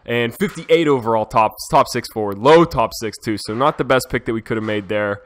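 A young man giving casual commentary over a hockey management game, talking to his viewers and swearing freely when excited. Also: medium pitch, brisk. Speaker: gaming YouTuber. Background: dog heard in cage.

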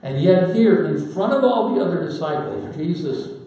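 A man preaching a sermon in a folksy storytelling manner with dramatic pauses. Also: a little high, animated, mellow. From Pacific Northwest, United States. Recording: very echoey hall, voice from far off.

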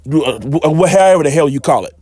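A man's voice: on the high side, moderate pace, no room sound. A man preaching a fired-up sermon on his channel, emphatic and repetitive, with sudden profane outbursts. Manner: excited, emphatic, repeats himself.

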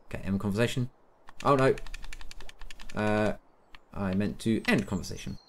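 A man's voice: on the low side, normal speed, a little hiss or hum. A man giving chatty, self-deprecating let's-play commentary, thinking aloud as he plays. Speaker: gaming YouTuber.

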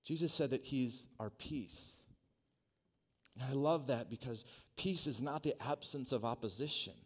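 Animated man preaching a story-driven sermon. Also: mid-range voice, measured pace. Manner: animated storyteller, swings from hushed to loud, humorous asides. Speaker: pastor. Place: church.

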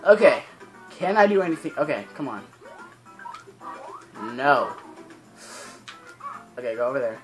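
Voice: mid-range voice, sing-song, a little slow, pauses often, faint music behind, low-quality recording. A teenager hosting a let's play, commentating while playing and breaking into frustrated, swearing rants. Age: teens. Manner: swearing, ranting frustrated outbursts. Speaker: gaming channel host.

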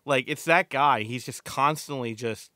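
A podcast co-host chats casually, rambling with plenty of fillers and restarts. His voice is medium-pitched, bright, and forceful, a little slow, with no echo.

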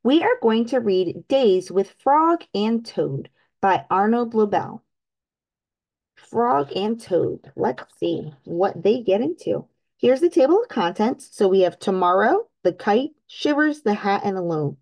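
A woman reading a picture book aloud to young children, teacherly and engaging. She pauses often to ask the kids questions about the story. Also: medium pitch, lively intonation, a little mellow, low-quality recording. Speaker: children's story reader, channel host.

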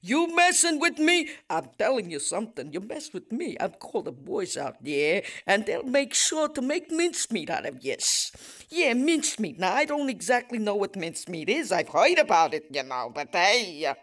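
A woman's voice: medium pitch, very animated, normal speed, fairly bright tone. A woman playing a streetwise tough man who blusters and threatens. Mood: threatening.

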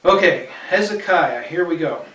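An earnest male Bible teacher with a somewhat high voice talks through scripture point by point. He keeps checking in with his listeners and hammers home each idea by repeating it. The sound is roomy, as though he stands a little away from the microphone. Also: lively intonation, normal speed, fairly bright tone, far from the mic. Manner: repeats key points for emphasis.

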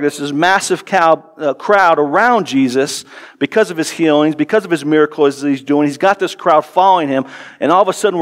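A man in his forties, a pastor preaching a sermon, earnest and repeating words for emphasis, dropping soft and low in tender passages.

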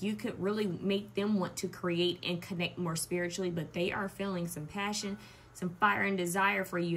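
A woman's voice: lowish voice, creaky, a bit bright, slight background noise. A young woman giving a pick-a-card tarot reading, musing aloud with frequent restarts and ums. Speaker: tarot reader.

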